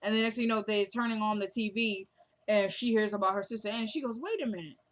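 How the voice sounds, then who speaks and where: A woman casually recaps a TV drama episode, telling the story in a chatty, loose way. She keeps slipping into the characters' lines with quick quoted asides. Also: mid-range voice, little pitch movement. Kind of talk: casual recap, acting out dialogue.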